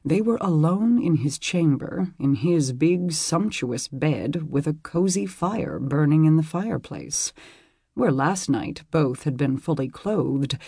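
A man reading a historical romance aloud in measured, intimate storytelling. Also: fairly high pitch, vocal fry, mellow, slightly rough, no echo, clean studio sound. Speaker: audiobook narrator. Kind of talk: scripted narration of a historical romance.

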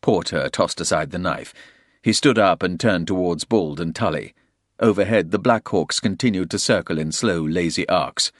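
A man's voice: sits low, normal speed, no room sound, studio quality. A man reading a violent thriller aloud in a dramatic storytelling voice. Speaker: audiobook narrator. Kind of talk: scripted thriller narration.

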